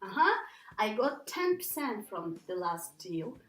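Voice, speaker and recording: Woman teacher doing a pronunciation lesson, slow and patient, kinda echoey room. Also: mid-range voice, sing-song, a bit bright. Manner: patient, repeats words slowly for learners.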